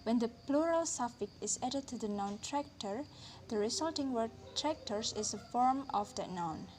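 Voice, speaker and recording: A woman with a somewhat high voice reads a linguistics lesson aloud, careful and deliberate. She slows down on each example word. A faint hiss sits under her voice. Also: animated, a little mellow. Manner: careful, deliberate reading, slowing on example words. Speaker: lecturer.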